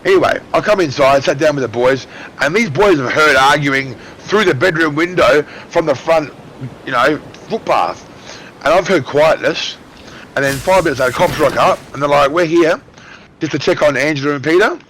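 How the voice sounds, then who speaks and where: A man in his thirties with an Australian accent, loudly telling a story on voice chat while gaming, swearing heavily. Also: on the high side, normal speed, a little hiss or hum. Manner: loud, excitable, heavy swearing. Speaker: gamer on voice chat. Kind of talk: casual chat telling a story mid-game.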